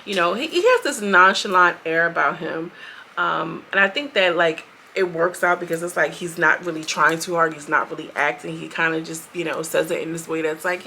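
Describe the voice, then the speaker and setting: A young adult woman giving a chatty, animated recap, acting out quotes in quick bursts. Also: lowish voice, a little hiss or hum. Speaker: show reviewer. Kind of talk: casual recap commentary.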